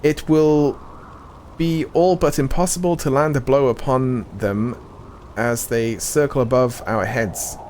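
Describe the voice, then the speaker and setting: A man reading out a stern army commander's lines from a game, slowly and deliberately. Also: mid-range voice, fairly even intonation, a little mellow, a little hiss or hum, voice pushed up, natural voice. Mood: solemn.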